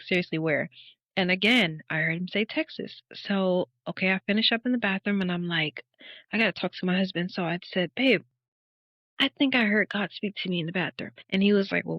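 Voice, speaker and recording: A woman in her thirties, a podcast guest, telling her faith testimony as a lively story, acting out the dialogue and laughing often. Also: on the low side, dry recording. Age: 30s. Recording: dull, dry podcast audio.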